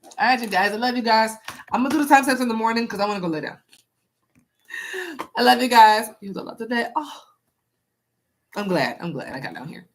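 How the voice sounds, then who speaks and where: A woman's voice: a little high, animated, a little fast, long pauses. A young woman doing a casual live-stream tarot reading, chatting with viewers and repeating herself.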